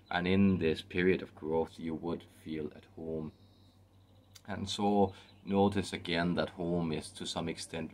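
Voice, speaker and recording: A man voicing a wise, whimsical male spirit guide with a put-on Irish accent, speaking in a sing-songy, formal, measured way as channeled spiritual teaching. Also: very deep voice, a little mellow, a little hiss or hum.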